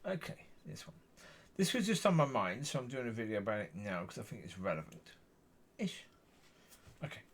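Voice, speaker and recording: A man's voice: on the low side, expressive, normal speed, a bit bright, slightly rough. A man giving a rambling personal faith testimony to camera, often repeating and correcting himself. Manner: meandering, repeats himself, frequent self-corrections. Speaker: Christian vlogger.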